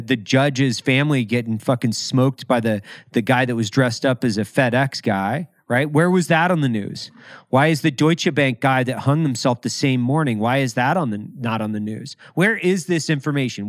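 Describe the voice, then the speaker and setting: A man hosting a casual podcast, recorded close and dry with no room sound. He fires off indignant, profane questions in quick bursts. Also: mid-range voice, no echo.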